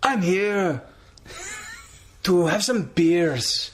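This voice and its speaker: A man's voice: sits high, lively intonation, extremely slow, voice pushed up, full character voice. A man doing a pompous wrestler with a raised voice. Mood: boastful. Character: brash wrestler impression, adult man, pompous.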